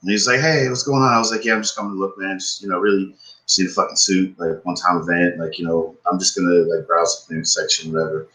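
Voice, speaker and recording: A man's voice: deep voice, fast, poor audio. A man, podcast co-host, telling a story in casual chat, swearing often and ranting with frustration. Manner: profane, animated, frustrated ranting.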